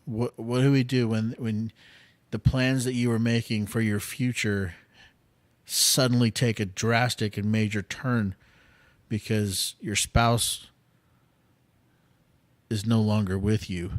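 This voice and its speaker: A man's voice: fairly low pitch, flat delivery, no echo. A man hosting a podcast, giving an earnest devotional talk with casual fillers that builds to impassioned pleading. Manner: slow, earnest, rising to impassioned intensity; conversational with fillers and restarts. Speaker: podcast host.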